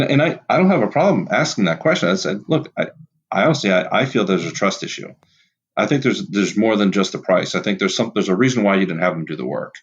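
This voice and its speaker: A man's voice: fairly low pitch, husky, highs cut off. A man who owns an auto repair shop, a guest on a podcast, talking casually. He often restarts his sentences and acts out his talks with customers.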